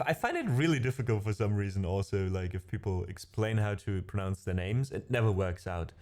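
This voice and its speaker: Between piano pieces, this non-native English-speaking man chats casually with his livestream viewers. His voice is fairly low in pitch with a darkish tone. A music streamer, he rambles, corrects himself, and laughs a lot.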